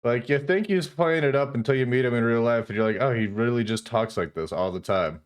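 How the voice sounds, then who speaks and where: A man's voice: medium pitch, a little fast. A man hosting a live stream with stuffed-up sinuses, chatting casually, reading chat aloud and poking fun at himself. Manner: apologetic, self-mocking, reads chat aloud. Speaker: streamer host.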